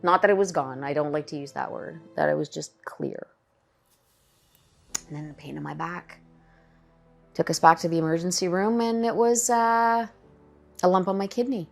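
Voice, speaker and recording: A middle-aged woman with a low, gravelly voice tells her cancer story in a candid, conversational way. It is a personal testimony, with faint music underneath. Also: normal speed, long pauses.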